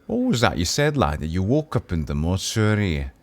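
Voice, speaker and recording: A man's voice: deep voice, very animated, moderate pace. A man voicing a friendly old retired male city guard with a Scottish accent, chatty and folksy in an old-timey way. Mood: amused.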